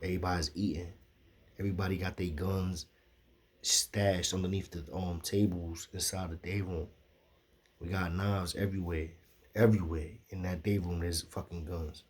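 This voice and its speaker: A man telling a profane, animated street story, acting out the quotes. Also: sits low, moderate pace, slightly rough.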